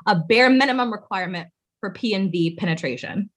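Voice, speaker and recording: A young woman trades frank, wry commentary on a reality show with her co-host. She talks in a chatty, loose way with plenty of fillers. Her pitch sits in the middle range for a woman. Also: lively intonation, brisk. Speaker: podcast co-host. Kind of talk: casual chat about a reality show.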